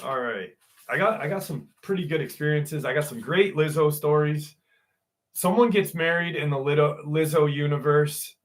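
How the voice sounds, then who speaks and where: A man's voice: on the high side, normal speed. A man hosting a live stream, casually telling a rambling story with swearing and frequent laughter. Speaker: host.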